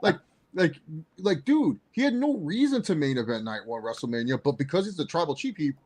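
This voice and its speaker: A man co-hosting a casual sports chat, excitable and rambling, with lots of fillers. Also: mid-range voice. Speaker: co-host.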